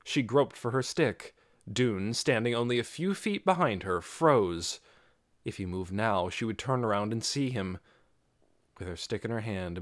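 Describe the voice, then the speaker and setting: Man narrating an audiobook, lively pitch. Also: no room sound, clean studio sound. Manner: expressive storytelling.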